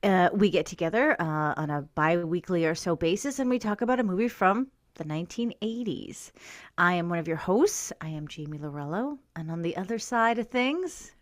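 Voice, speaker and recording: A woman's voice: lowish voice, brisk, dry recording, studio quality. A woman co-hosting a movie podcast, chatting casually and laughing often. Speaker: podcast co-host.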